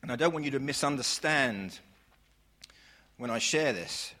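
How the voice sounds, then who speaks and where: A male preacher delivering an emphatic sermon at a mid pitch for a man. He rises to loud, fervent declarations, then drops to quiet, drawn-out phrases. He stacks word after word of praise in long lists. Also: animated. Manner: swings from loud declaration to hushed, slow lines.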